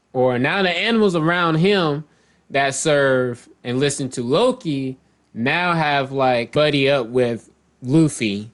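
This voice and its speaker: A man casually recapping and commenting, rambling and often correcting himself mid-sentence. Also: medium pitch. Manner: loose, rambling, self-correcting, reads out character lines. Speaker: manga chapter reviewer.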